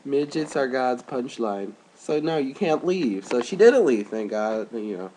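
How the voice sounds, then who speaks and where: A young man rambles through a casual vlog into a webcam at home, his voice sitting at an ordinary middle pitch. He piles on fillers and jumps way up high whenever he quotes someone. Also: expressive, unhurried, mellow, slight background noise. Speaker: vlogger. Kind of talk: casual chat.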